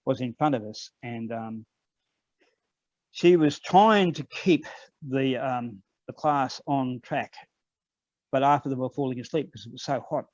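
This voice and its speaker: An older man with an Australian accent, telling personal stories as a guest in an online conversation, unhurried and with frequent ums. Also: medium pitch, dry recording. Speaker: guest elder. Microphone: video call. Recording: dull lo-fi online call audio.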